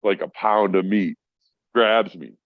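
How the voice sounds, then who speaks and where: A man's voice: fairly low pitch, slow, no room sound. A middle-aged man telling a rambling, profane story in casual talk, acting out the voices of the people in it. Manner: profane, rambling, acts out voices in his stories. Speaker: podcast guest. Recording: dry, dull lo-fi audio.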